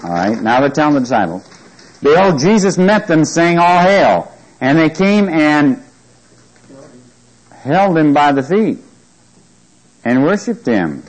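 A man's voice: fairly high pitch, sing-song, measured pace, pauses often, low-quality recording. A man teaching a Bible study, reading scripture aloud with emphasis and often checking whether listeners follow him. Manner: asks the listeners questions often.

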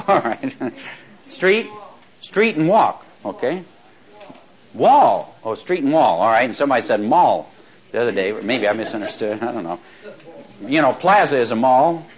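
A man teaching a Bible study class, talking in a chatty, animated way with asides and chuckles, slowing down to read verses aloud. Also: medium pitch. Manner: slows right down when reading verses aloud. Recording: dull lo-fi recording.

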